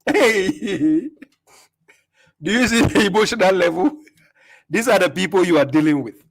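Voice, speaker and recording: A man's voice: high-pitched, animated, a little slow. A man with a Ghanaian accent hosting a live debate stream with callers, taunting and laughing often. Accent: Ghanaian English.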